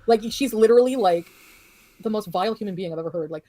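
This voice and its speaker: Fast-talking blunt, profane woman livestreamer. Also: medium pitch, dark tone, dry recording. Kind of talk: ranting livestream chat.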